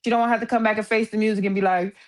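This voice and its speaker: A woman's voice: medium pitch, fairly even intonation, racing. A woman joining a livestream as a guest, giving emphatic casual gossip commentary and driving her points home by repeating them.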